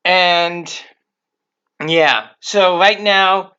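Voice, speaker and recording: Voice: mid-range voice, steady tone, sharp tone, clear, resonant tone, dull audio. A fan-series creator giving a casual, rambling episode commentary, often stopping and restarting thoughts. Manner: rambling, halting.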